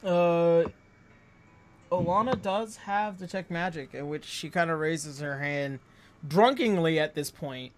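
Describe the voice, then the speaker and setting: A man's voice: a little high, a little slow, noisy background. A man acting as game master, narrating a tabletop game with lots of fillers and restarts. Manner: rambling, many fillers.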